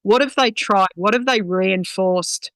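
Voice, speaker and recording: A woman's voice: mid-range voice, a little slow, a bit bright, no echo, low-quality recording. A woman, a guest dog trainer talking bluntly and swearing freely in a casual podcast chat. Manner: blunt, sweary, talks with many "um"s.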